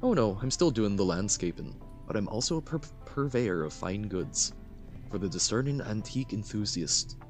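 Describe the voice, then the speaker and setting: A man's voice: on the low side, animated, moderate pace, soft background music, lightly acted. A man reading a middle-aged junk collector in a half-hearted Scottish accent, jolly and nautical. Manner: jolly, rolling nautical delivery.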